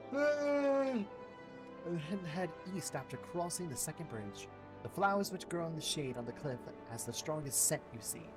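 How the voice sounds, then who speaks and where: A man voicing a composed, courtly game character who speaks in formal, measured sentences. The voice sits a little high. Game music plays clearly underneath. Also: close to an everyday voice. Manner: formal, unhurried dialogue reading.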